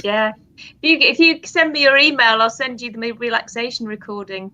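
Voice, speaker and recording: A woman's voice: a little high, normal speed, pushed and bright, dull audio. A British woman, a hypnotherapist guest, talking casually, chatty with frequent laughs and restarts. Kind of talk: casual chat.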